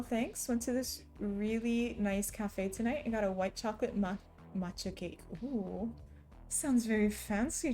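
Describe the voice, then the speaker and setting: Speaking in a mellow, medium-pitched voice, a young woman chats casually on her live stream, often laughing between remarks as she responds to chat. Faint music plays in the background.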